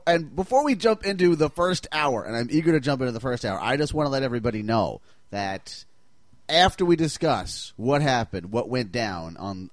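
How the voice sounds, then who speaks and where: A man's voice: medium pitch, dry recording. A man hosting a podcast in casual chat, playful and mock-enthusiastic, often acting out the scenes he recaps. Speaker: podcast host.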